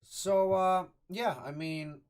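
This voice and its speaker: A man from Croatia with a Croatian accent, chatting casually and excitably on a live stream, rambling and swearing freely. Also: high voice, slow, recorded from a distance. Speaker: live streamer reviewing a game sourcebook.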